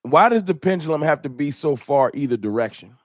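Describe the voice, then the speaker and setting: Animated man hosting a live fan stream. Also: on the high side, brisk, no room sound, clean studio sound. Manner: animated, greets chatters by name, slangy. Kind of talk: casual live-stream chat.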